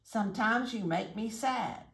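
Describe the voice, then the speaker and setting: A woman voicing a gentle, loving mother hen who speaks in slow, tender, reassuring words. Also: medium pitch, gravelly, reverberant, voice pushed up.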